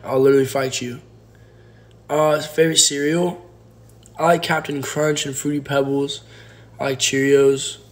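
A man's voice: medium pitch, level tone, moderate pace, pauses often. A young man hosting a casual livestream from home on his phone, reading viewer comments and rambling through jokes and teasing. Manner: joking, rambling, playfully teasing. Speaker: livestream host. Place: home, indoors.

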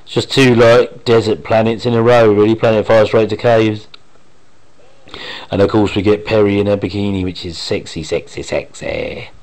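A man's voice: on the low side, level tone, moderate pace, darkish tone, rough recording. A man giving casual watch-along commentary on an old TV episode at home, rambling and enthusiastic, often trailing off mid-sentence. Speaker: fan commentator reacting to a TV episode. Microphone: home microphone.

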